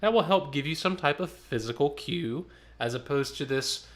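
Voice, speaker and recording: Man leading a vocal warm-up. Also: on the high side, animated, normal speed. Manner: coaching and demonstrating vocal exercises. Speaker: choir director.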